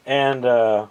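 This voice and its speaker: A man recapping TV episodes in a casual, rambling way, sarcastic and mocking, halting over many fillers. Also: mid-range voice, darkish tone, smooth, dull audio. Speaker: podcast host recapping TV episodes.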